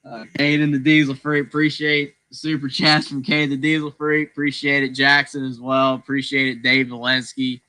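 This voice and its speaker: A man's voice: medium pitch, flat delivery, normal speed, few pauses, pushed and bright, rough recording. A man hosting a sports livestream, laid back as he thanks his co-hosts and viewers. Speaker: show host. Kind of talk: casual sports chat on a livestream.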